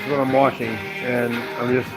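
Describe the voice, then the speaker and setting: A man hosting a casual livestream from his living room, relaxed and a little tipsy, rambling and repeating himself. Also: mid-range voice, moderate pace, creaky, over music, poor audio. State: drinking, tipsy. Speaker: livestream host.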